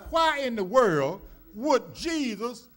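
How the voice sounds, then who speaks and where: High-voiced preaching man. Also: very animated, slow, fairly bright tone. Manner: preaching with rising call-and-response emphasis; folksy storytelling with many uh fillers. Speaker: minister. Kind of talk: sermon. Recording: church service recording.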